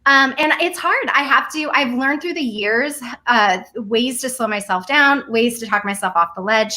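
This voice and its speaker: Bright, earnest woman in conversation. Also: fairly high pitch, normal speed. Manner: earnest, animated storytelling with laughs. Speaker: guest. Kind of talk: casual conversation.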